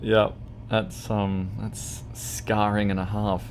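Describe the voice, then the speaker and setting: A young man talks to his stream viewers in a lowish voice with a faint hum of noise behind him. He speaks in an unhurried, meandering way, stopping to restart his thoughts and laughing easily between them. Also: flat delivery. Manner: rambling, halting, restarts sentences often, laughs easily. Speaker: livestreamer. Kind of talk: casual chat with livestream viewers while gaming.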